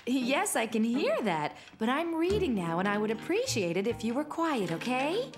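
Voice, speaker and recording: An actress voicing a busy, patient mother in an animated children's series, explaining things calmly, with music underneath. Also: on the high side, moderate pace. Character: warm, busy young mother. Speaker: mommy.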